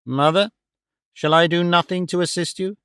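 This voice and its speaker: A man's voice: sits high, fairly even intonation, normal speed, a bit bright, clear, resonant tone, no room sound, clean studio sound. A male audiobook reader voicing an earnest, troubled grown son who speaks in a pleading way. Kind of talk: audiobook character voice.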